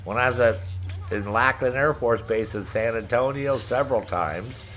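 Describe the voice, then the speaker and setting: A man's voice: mid-range voice, moderate pace, a bit bright, slight background noise. A middle-aged man streaming a game, chatting with viewers in a brash, profane way and laughing often. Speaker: gaming streamer. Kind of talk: casual chat with stream viewers.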